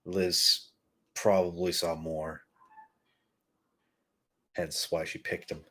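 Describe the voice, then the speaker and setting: A man's voice: low-pitched, level tone, slow pace, bright, forceful tone. A man hosting a podcast, telling a rambling, self-mocking, profane story in a casual comedic way. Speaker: podcast host.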